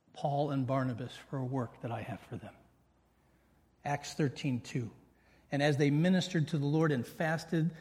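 A man's voice: a little high, a little mellow, big-room sound. A middle-aged man pastor preaching a sermon, earnest and full of personal stories. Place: church sanctuary.

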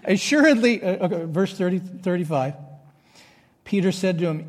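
A man preaching a sermon in an animated, conversational way. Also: high voice, normal speed. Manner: animated, conversational preaching with jokes and acted quotes. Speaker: pastor. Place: church hall with congregation. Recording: echoey church hall.

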